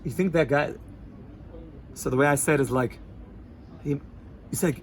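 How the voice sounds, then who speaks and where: A man, a rabbi, giving an informal Torah class in a yeshiva hall, sprinkling Yiddish and Hebrew words into casual talk and swinging between loud and hushed. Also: fairly high pitch, moderate pace, long pauses, slight background noise. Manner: animated, swings from loud to hushed, laughs easily.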